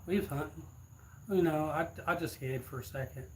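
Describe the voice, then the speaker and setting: A man's voice: on the high side, moderate pace. A man, telling a rambling, laughing story casually to his viewers. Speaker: streamer.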